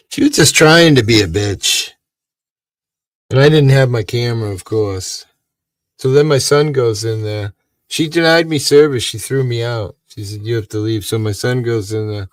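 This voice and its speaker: A man's voice: fairly low pitch, dry recording. Profane older man telling a grievance story. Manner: profane, rambling and aggrieved. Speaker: live stream host. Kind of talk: casual storytelling. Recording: dry, from a distance.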